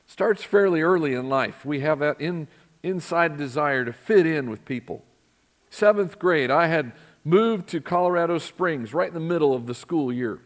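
A man's voice: on the high side, moderate pace. A middle-aged man preaching a sermon in a church, talking conversationally and asking his congregation questions. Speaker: pastor. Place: church sanctuary.

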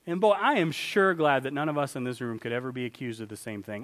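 A man preaching a sermon in a church, animated, swinging between loud exclamations and quiet asides. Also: medium pitch, quick pace, big-room sound. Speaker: pastor.

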